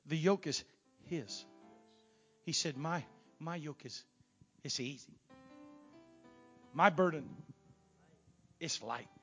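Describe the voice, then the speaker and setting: Middle-aged pastor preaching hard in church, voice a bit high, swells way up then drops quiet, soft guitar under him. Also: male voice, slow, pauses often. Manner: preaching with surging volume, rising to near-shouts. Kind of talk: Pentecostal sermon. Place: church sanctuary.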